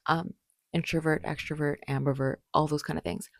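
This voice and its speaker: A woman in her late twenties chats straight to camera with a rambling, bubbly flow full of fillers and restarts. Her voice sits low, and the recording is dry and close. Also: flat delivery, brisk, dry recording. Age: late 20s. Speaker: vlogger. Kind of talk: casual talk to camera.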